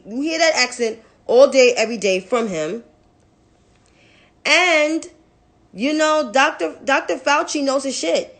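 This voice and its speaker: A young woman giving blunt, profane, exasperated commentary in a casual vlog. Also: sits high. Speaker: political commentator.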